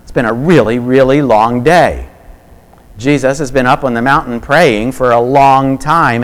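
A man preaching a sermon, reflective and varying his loudness for emphasis. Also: mid-range voice.

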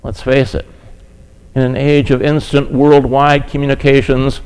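A man's voice: medium pitch, little pitch movement, measured pace, darkish tone, clear, resonant tone, low-quality recording. A man preaching a sermon, earnest and direct, often asking his listeners rhetorical questions. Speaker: pastor.

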